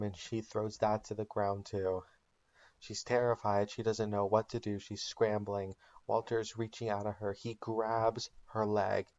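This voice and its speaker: Low voiced guy rambling thru a made-up comedy recap, ums and likes, muffled lo-fi sound. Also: a little mellow. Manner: casual storytelling with ums and likes. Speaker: channel host.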